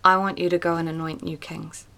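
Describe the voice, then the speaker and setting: A gentle, patient God speaks in a low, soft hush, as a woman quotes him in her devotional talk. The tone is calm and reassuring, never stern. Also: fairly quick, vocal fry.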